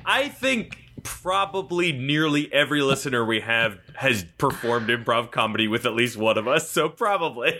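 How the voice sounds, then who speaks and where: A man's voice: medium pitch, lively intonation, moderate pace, hardly any pauses, sharp tone, a little hiss or hum. A man hosting a comedy podcast, teasing and dry in his banter. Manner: dry, teasing, self-aware. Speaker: podcast host.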